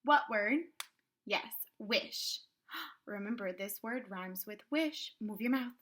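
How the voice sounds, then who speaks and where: A woman teaching kindergarten phonics online, sounding out words slowly and clearly with cheerful prompts. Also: medium pitch, animated, a bit bright.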